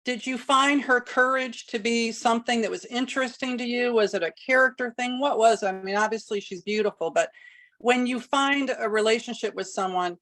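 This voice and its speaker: A woman's voice: a little high, normal speed, fairly bright tone. A woman interviewing a guest, asking long, earnest, probing questions. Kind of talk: podcast interview.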